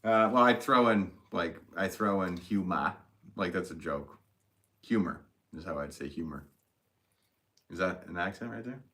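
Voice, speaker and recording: A man's voice: deep voice, normal speed, long pauses, sharp tone. A man with a New England accent, hosting a casual livestream while he works, reading viewer comments, joking and laughing often.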